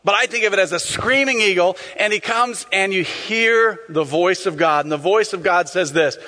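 A man preaching a sermon as a pastor, animated, acting out scenes and sometimes shouting. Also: sits high, brisk, long reverb tail.

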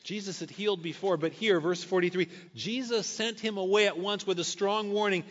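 A man's voice: high-pitched, brisk, hardly any pauses. A male pastor preaching a sermon, reading scripture and adding casual conversational asides. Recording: echoey hall, dull lo-fi sound.

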